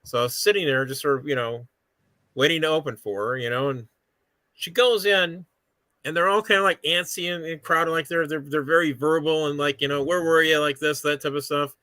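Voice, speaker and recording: Bright-voiced man telling comedy anecdotes. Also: fairly high pitch, a little fast, no echo. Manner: hesitant, many fillers, then lively anecdotes. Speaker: comedian guest. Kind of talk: casual chat.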